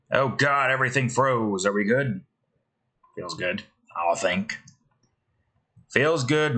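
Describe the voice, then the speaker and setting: A man talks his way through building a game, slow and unhurried, trailing off to mutter and question himself as he goes. His voice sits a little low yet has a bright, forward edge. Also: low-quality recording. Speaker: game developer. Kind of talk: thinking aloud while building a game.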